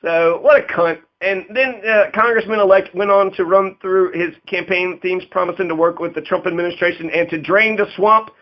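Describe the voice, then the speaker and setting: A man's voice: sits high, steady tone, a little fast, hardly any pauses. A man giving casual political commentary, rambling and profane, laughing often and acting out quotes in a raised voice. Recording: dull lo-fi audio.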